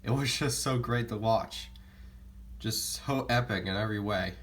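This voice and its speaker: A man's voice: fairly low pitch, normal speed, fairly bright tone. A young man casually talking about favorite movie lines, enthusiastic and rambling, often restarting his sentences. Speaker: movie vlogger. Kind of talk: casual movie talk to camera.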